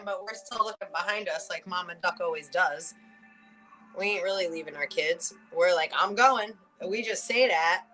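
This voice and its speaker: A chatty woman with a bright, forceful voice pitched on the low side, hosting a casual spiritual card reading. She laughs often between thoughts, swears casually and slows down to read each card message aloud. Faint music plays behind her. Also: low-quality recording. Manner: reads oracle card messages aloud slowly. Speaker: spiritual reader and channel host.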